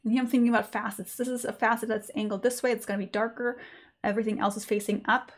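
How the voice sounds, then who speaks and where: A woman's voice: fairly high pitch, little pitch movement, fast. A woman teaching a live online sketching lesson in a chatty, informal way with many fillers. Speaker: art teacher.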